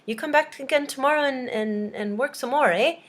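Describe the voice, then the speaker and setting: A woman's voice: high-pitched, brisk, voice pushed up, close to an everyday voice. A woman voicing a bossy Canadian man who ends every order with "eh". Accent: put-on Canadian. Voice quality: says "eh" after every order, pushy. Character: bossy middle-aged Canadian man boss.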